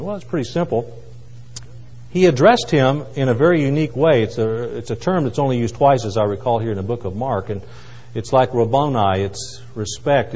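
A man preaching a sermon, swinging from loud cries to hushed, quiet asides. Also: mid-range voice. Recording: muffled, with long hall reverb.

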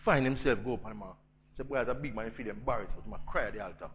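A man with a Jamaican accent preaching a storytelling sermon, swinging between loud emphasis and hushed intensity. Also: fairly low pitch, rapid-fire, highs cut off, a little hiss or hum.

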